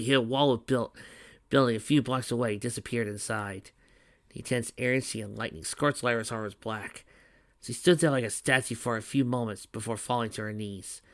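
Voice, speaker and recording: A man reading fan fiction aloud in a steady voice, with small slips and restarts. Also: mid-range voice, no room sound, clean studio sound. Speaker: reader.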